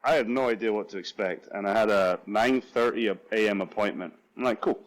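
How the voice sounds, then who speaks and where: Young scottish guy, lowish voice, telling funny stories, laughs a lot. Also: a little fast, rough recording. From Scotland. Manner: animated storyteller, laughs often, acts out quotes. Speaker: guest, professional football punter. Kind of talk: casual storytelling chat.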